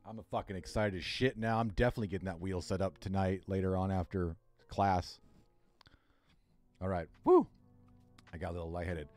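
A man's voice: deep voice, steady tone, fairly quick, a little mellow, soft background music. A man livestreaming on a headset, thinking aloud as he works and swearing freely. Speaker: streamer. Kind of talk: casual livestream chat while working.

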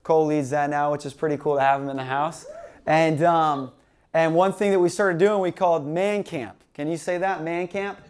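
A young male pastor with a slightly high voice tells a story in a sermon. He laughs at himself and acts out his own panic as the story goes on. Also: fairly quick, smooth. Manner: animated, self-mocking storyteller acting out his panic.

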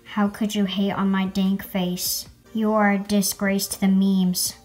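A woman's voice: mid-range voice, flat delivery, a little slow, hardly any pauses. Young woman reading mean comments, sarcastic and mock offended, faint music under it. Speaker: LPS video creator reading hate comments.

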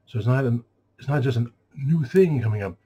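A mid-pitched man with a husky edge to his voice rants about his shoppers. His delivery is exasperated and dripping with sarcasm, and he keeps slipping into mocking voices for the customers he complains about. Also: lively intonation, a little fast, dark tone. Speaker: store clerk venting. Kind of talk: casual rant.

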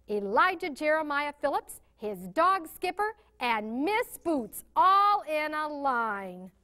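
Lively high-voiced woman storyteller. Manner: animated, asks children questions, gasps for suspense. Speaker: children's storyteller. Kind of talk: reading a story aloud to young children.

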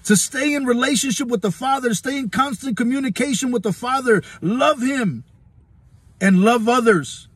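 A man's voice: very high voice, normal speed, a bit bright, husky, no room sound. A man preaching fervently into his phone, repeating himself, throwing out rhetorical questions and laughing as he goes. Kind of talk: impassioned phone-recorded Bible devotional. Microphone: phone camera.

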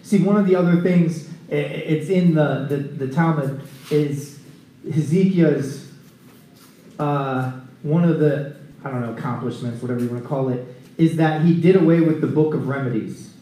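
A man preaching a conversational sermon at a recovery ministry, telling scripture stories in an animated way. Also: on the high side, normal speed, slight background noise. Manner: animated storytelling, acting out scripture scenes. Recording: echoey room.

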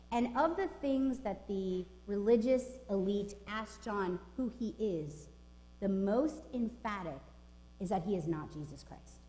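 A woman's voice: medium pitch, mellow. A woman pastor in her forties delivers a sermon with emphatic, informal conviction. Her voice carries through a roomy church with a long, lingering reverb. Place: church sanctuary.

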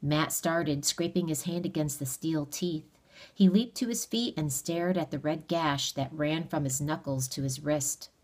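A woman reading a novel aloud in a steady, measured storytelling manner. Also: low voice. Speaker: audiobook reader. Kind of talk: read-aloud narration of a novel.

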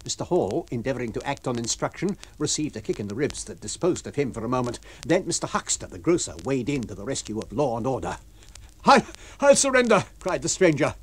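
A man reading a novel aloud for radio, with an expressive, varied storytelling delivery. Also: mid-range voice, quick pace, few pauses, slightly rough. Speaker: reader.

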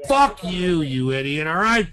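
A man making prank phone calls, ranting loudly and swearing hard at the people he calls. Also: sits high, big pitch swings, unhurried. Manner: loud, profane, ranting. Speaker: prank caller host.

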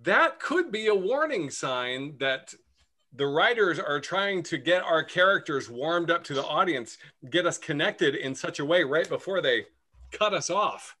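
A man performing comedy sketch dialogue with earnest, deadpan musing. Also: a little high, unhurried.

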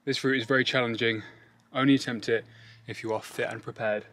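A man's voice: mid-range voice, steady tone, a little fast, a bit bright. A man co-hosting a casual travel vlog on a forest hiking trail, chatty and upbeat, tripping over place names. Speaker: travel vlogger co-host. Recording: noisy outdoor recording.

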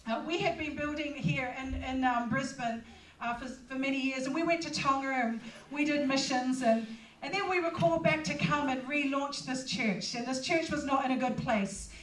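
A middle-aged woman pastor delivers a sermon in a church hall, her high voice moving at normal speed. She preaches personally and conversationally with plenty of fillers, and the distant mic catches a lot of hall echo.

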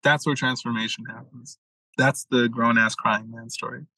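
A man's voice: mid-range voice, steady tone, moderate pace, gravelly, pushed and bright, slightly rough, no echo, poor audio. A young adult man, a mentor, telling a story in a casual podcast talk, acting out quotes and swearing freely. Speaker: masculine leadership mentor, guest.

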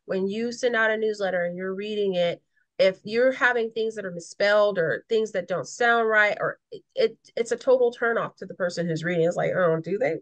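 A woman's voice: medium pitch, a little fast, no echo. A woman co-hosts a casual business webinar, talking in an easy, emphatic way with some repetition. Her voice is dry and close, with no room sound. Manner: conversational, emphatic, repeats herself. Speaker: webinar co-host.

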